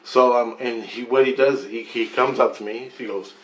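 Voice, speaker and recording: Brief: male vlogger, mid-pitched, rambling, swearing and restarting as he talks. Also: steady tone, moderate pace, rough recording. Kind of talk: rambling first-person storytelling.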